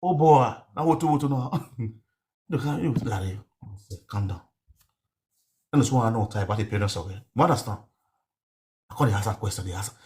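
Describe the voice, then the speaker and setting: Speaking on the low side and a bit quickly, with long gaps, a Nigerian-accented online host spins a rambling tale live. He's animated and repetitive, weaving pidgin together with a local language.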